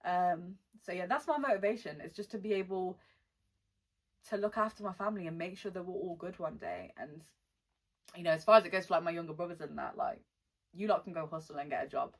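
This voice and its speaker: A woman's voice: lowish voice, animated. A young woman rapper with a mixed British accent, born in Wales and living in the West Midlands, answering fan questions in a casual, blunt, slangy way. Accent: mixed British, Welsh-born with West Midlands and London touches. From born in Wales, lives in the West Midlands. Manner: chatty, blunt, slangy, reads questions aloud slowly. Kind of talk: casual Q&A vlog.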